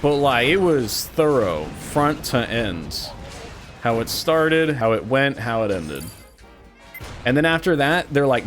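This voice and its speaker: A man's voice: mid-range voice, takes it slowly, faint music behind. A man in his twenties from Missouri, chatting casually and sarcastically with his stream viewers. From Missouri, USA. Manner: animated, joking and sarcastic.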